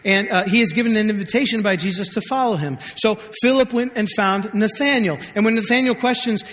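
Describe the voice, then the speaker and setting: A man's voice: sits high, fairly quick, few pauses, fairly bright tone. A man preaching a sermon as pastor, conversational and joking, acting out scripture quotes. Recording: long hall reverb.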